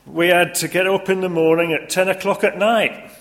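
A man putting on a Yorkshire accent to voice a boastful old Yorkshireman, high, loud and exaggerated. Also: steady tone, moderate pace. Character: boastful old male Yorkshireman bragging about hardship.

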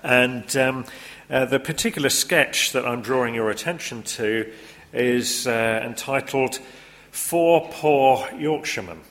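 A man speaking to an audience in a casual talk, halting with many pauses and fillers. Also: medium pitch, fairly even intonation, bright, forceful tone, long reverb tail.

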